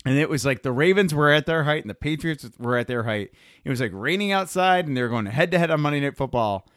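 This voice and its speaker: A man in casual sports talk, telling stories with big swings in pitch and frequent laughter. He swears freely and keeps things loose. The sound is dry and close, with no room to it. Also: fast, dry recording. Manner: animated storyteller, laughs often, swears freely.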